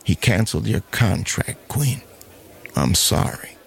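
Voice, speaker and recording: A man's voice: lowish voice, big pitch swings, measured pace, gravelly, a bit bright, slightly rough, full character voice. A man playing an apologetic casino pit boss who delivers bad news sheepishly. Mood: regretful.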